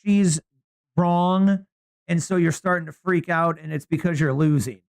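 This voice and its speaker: A man co-hosting a podcast, chatting casually in slangy, animated storytelling. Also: a little high, unhurried, creaky, no room sound. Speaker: podcast co-host.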